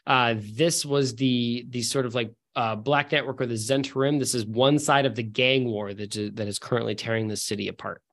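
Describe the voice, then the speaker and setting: A man's voice: medium pitch, steady tone, moderate pace, few pauses, fairly bright tone. A man running a tabletop game as dungeon master, describing scenes with many fillers and restarts.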